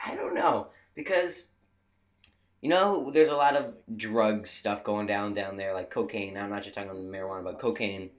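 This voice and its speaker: Young adult male video creator with a lowish voice; casual, rambling storyteller with lots of fillers. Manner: rambling, many fillers and restarts; laughs at his own stories.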